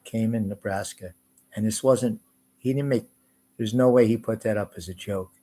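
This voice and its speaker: A man's voice: lowish voice, moderate pace, dark tone. A man in an agitated, swearing, rambling rant. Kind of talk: angry profane rant.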